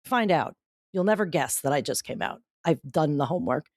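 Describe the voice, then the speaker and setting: Middle-aged woman guest, low-set voice with very lively swings, vivid storyteller. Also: brisk, no echo, clean studio sound. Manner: animated storyteller who acts out quoted dialogue. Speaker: guest author and speaker. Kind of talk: casual podcast conversation.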